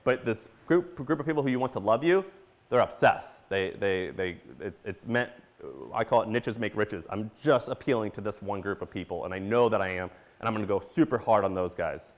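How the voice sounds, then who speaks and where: A man in his thirties speaks casually from a conference stage, slipping in plenty of fillers. His voice sits a little low, and it jumps up in pitch and loudness when he acts out his own surprised reactions. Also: brisk. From Missouri. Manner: animated, storytelling with quoted reactions and filler words.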